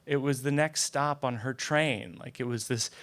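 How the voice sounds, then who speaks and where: A young man tells a comic personal story with a smooth, clear voice at a medium pitch. He speaks conversationally and wryly, often stumbling into repeated words before finishing a thought. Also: moderate pace, fairly bright tone. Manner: conversational, self-deprecating, frequent stammered restarts. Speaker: comedian.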